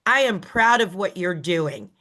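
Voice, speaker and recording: Slow, bright-voiced woman team leader. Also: on the low side, lively intonation. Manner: emphatic, emotional, slow and deliberate. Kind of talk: motivational talk.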